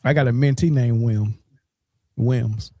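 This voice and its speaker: A man's voice: mid-range voice, steady tone, a little slow, warm tone, no echo, studio quality. A man hosting a sports podcast in casual chat, joking and sometimes stumbling over his words. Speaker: podcast host.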